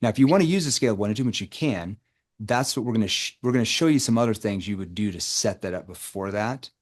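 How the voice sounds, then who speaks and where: A man's voice: lowish voice, expressive, fast talker. A man running a live sales coaching session over a video call, who keeps quizzing the group with rhetorical questions. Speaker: sales trainer.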